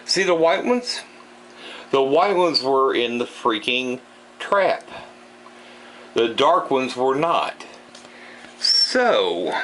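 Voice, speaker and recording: A man's voice: medium pitch, bright, forceful tone, slight background noise, poor audio. A man hosting a casual fish-keeping vlog, chatty and self-deprecating, talking through what he is doing as he goes. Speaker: fish-keeping channel host.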